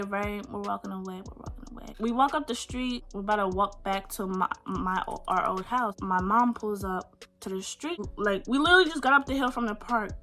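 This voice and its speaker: An eighteen-year-old woman from Pennsylvania telling a storytime vlog in an animated, emphatic, indignant way, full of slang, recorded on a phone. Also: mid-range voice. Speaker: vlogger.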